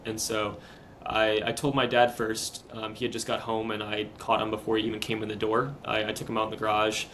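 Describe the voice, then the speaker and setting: A young man in his twenties, a podcast guest, recounting a hard personal story in a casual, earnest, halting way. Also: lowish voice, completely flat delivery, a bit bright, a little hiss or hum, rough recording. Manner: earnest, halting, retelling step by step.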